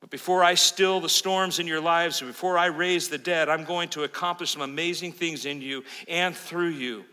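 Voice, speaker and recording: A man preaching a sermon as pastor, swinging from loud urgent peaks to quiet, intimate asides. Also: on the high side, steady tone, normal speed, few pauses, clear, resonant tone. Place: church sanctuary. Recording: long hall reverb of a church sanctuary.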